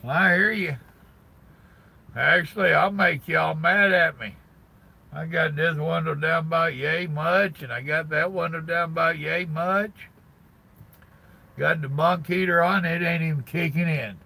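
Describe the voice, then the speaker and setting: A man's voice: fairly high pitch, steady tone, a little slow, creaky, pushed and bright, husky, rough recording. An older man, chatting casually on a live stream from his parked truck cab and greeting viewers by name in a folksy drawl.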